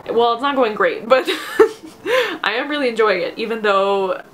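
A young woman, chatting casually about her reading in a rambling way with many fillers and frequent laughs, sounding tired and low on energy. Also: big pitch swings, a little slow. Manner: laughs often. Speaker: book vlogger. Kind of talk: casual chat.

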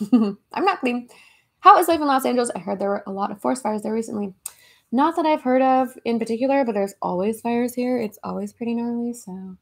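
A young American woman hosts a relaxed livestream from home, chatting with viewers. Her voice sits a little high. She giggles often and reads out comments as they come in. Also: quick pace, vocal fry. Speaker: livestream host. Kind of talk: casual livestream chat reading comments. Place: her home in Los Angeles.

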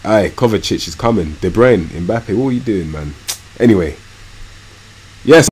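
A young man giving live commentary on a football management game, swinging from low muttering to loud yelling and swearing often. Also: lively intonation, moderate pace, slight background noise. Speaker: streamer.

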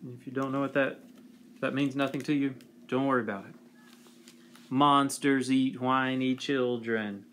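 A man reading a picture book aloud for children in a gentle, playful way. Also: mid-range voice, fairly even intonation, fast talker, slight background noise. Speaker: storybook reader.

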